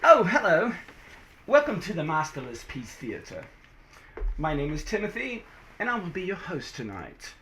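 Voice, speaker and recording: A man's voice: a little high, huge pitch swings, moderate pace, a bit bright, slight background noise. A man hosting and telling a comic folk-tale with a put-on Southern drawl, folksy and playful. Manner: folksy, playful, hammy voice switching. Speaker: host and storyteller.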